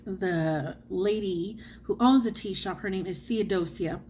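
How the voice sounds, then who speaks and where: A woman from the United States, a book vlogger, chats casually about her reading in a medium-pitched, slightly mellow voice that runs a little slow. She corrects herself often and laughs easily, with slight background noise.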